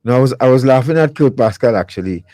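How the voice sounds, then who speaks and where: A man with a Trinidadian accent hosts a live studio talk show. His voice is mellow and darkish in a dry room, and he chats loosely, repeating words and laughing easily. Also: medium pitch, expressive, fast, no echo, rough recording. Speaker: host. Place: radio studio.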